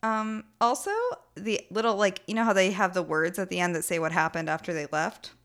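A woman's voice: lowish voice, flat delivery, a little fast, fairly bright tone, clear, resonant tone. Giggly woman recapping a show. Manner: laughs often, many "like" fillers, mocking quoted voices. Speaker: podcast co-host. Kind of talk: casual chat recapping a TV show.

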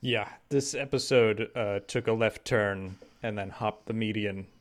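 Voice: medium pitch, unhurried. A podcast co-host chatting casually, adding dry, wry asides.

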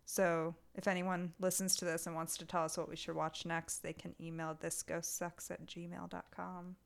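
A woman co-hosting a casual podcast, ranting in a heated, animated way. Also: fairly low pitch, normal speed, vocal fry. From Italian heritage. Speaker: podcast co-host.

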